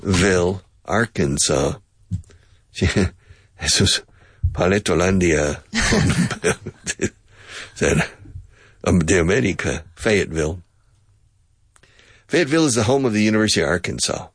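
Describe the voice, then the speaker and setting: A man's voice: low voice, lively intonation, a little slow, long pauses, breathy edge, dry recording, studio quality. A man from Texas, teaching English in a chatty, digressive way and laughing often. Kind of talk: language lesson with drills.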